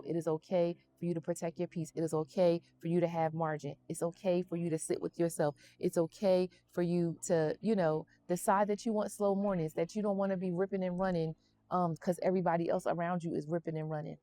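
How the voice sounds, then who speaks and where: A woman's voice: on the low side, mellow. A woman in her fifties, seated outdoors, vlogging encouragement from her faith and repeating affirmations. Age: 50s. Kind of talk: faith-based motivational vlog.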